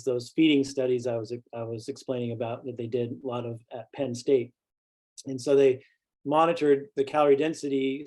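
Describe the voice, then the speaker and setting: Low flat-voiced man explaining casually. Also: low-quality recording. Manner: relaxed, restarts words while explaining.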